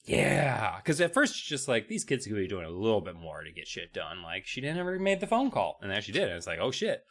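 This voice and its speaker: A man's voice: lowish voice, fairly quick. A man co-hosting a comedic podcast, retelling a kids' horror book and acting out the characters in goofy voices. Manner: animated storyteller, acts out characters in goofy voices. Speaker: podcast co-host.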